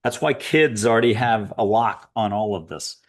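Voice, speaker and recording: A man hosting a spiritual show, guiding listeners through an exercise in a playful, upbeat, joking way with quick asides. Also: lowish voice. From United States. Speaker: host and angel intuitive. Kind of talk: guided spiritual talk to listeners.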